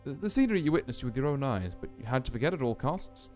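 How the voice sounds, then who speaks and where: A man voicing a calm, solemn female graveyard keeper with a faint put-on Scottish lilt, speaking slowly and ominously over faint music. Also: medium pitch, lightly acted. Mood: eerie. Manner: slow, deliberate, ominous storytelling.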